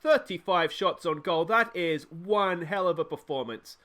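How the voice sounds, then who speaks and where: A man from Australia commentating his own football management game, chatty and joking, cheering loudly at every goal. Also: a little high, unhurried. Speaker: gaming YouTuber. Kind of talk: excited let's-play commentary.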